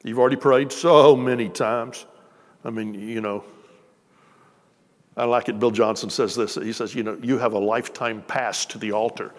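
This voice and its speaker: At normal speed and with fairly even intonation, a pastor gives a relaxed, conversational sermon, working jokes in between his points. His middle-pitched voice rings through a church hall's long reverb.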